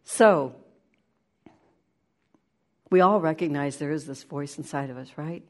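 A woman giving a spiritual talk, shifting between lively play-acting of inner voices and slow, hushed guidance. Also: low-pitched. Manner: animated, acts out inner voices with laughter; slows into soft, hushed guidance. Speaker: spiritual teacher.

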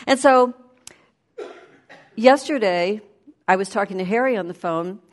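A woman giving a conversational sermon, animated and storytelling. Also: mid-range voice, unhurried. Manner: animated, storytelling, laughs while speaking.

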